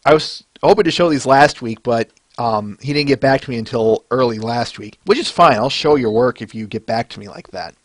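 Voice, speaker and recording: A man's voice: medium pitch, a little fast, few pauses, dry recording. A male podcast host rambling casually through a fan-art review, with lots of fillers and chuckles.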